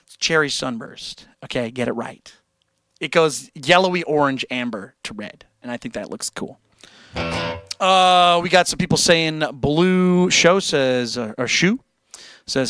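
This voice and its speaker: A man hosting a livestream who chats casually with his viewers and reads out their comments. He talks in an animated, joking way and swears freely. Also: on the high side, normal speed, pauses often, dry recording, clean studio sound, soft background music. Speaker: livestream host and guitarist.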